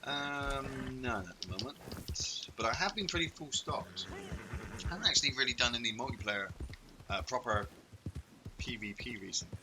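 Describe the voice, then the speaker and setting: A man's voice: medium pitch, lively intonation, normal speed, long pauses, noisy background. A man hosting a casual gameplay video, chatting in rambling asides while he plays. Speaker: host.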